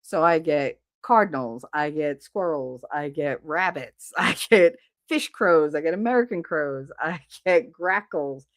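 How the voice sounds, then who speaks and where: Woman live stream host, lowish voice, chatty and blunt, dry close mic. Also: lively intonation, a little slow, no room sound. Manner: chatty, blunt, swears freely. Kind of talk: casual chat reading live comments.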